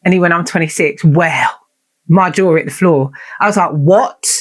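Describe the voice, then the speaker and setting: A woman's voice: lowish voice, moderate pace. A woman, hosting a podcast and telling a story in a blunt, sweary, chatty and self-mocking way. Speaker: podcast host. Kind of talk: casual storytelling monologue.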